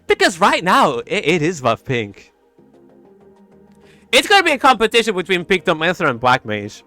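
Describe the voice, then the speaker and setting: Streamer guy with a high voice that jumps around a lot, animated and giggly, faint music under it. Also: moderate pace. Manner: animated, giggly, makes sound effects. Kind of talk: casual chat.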